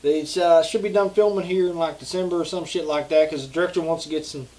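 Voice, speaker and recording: A man's voice: on the high side, steady tone, fast, a little mellow, low-quality recording. A man with a Southern US accent co-hosting a casual chat, laid-back and swearing freely. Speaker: co-host.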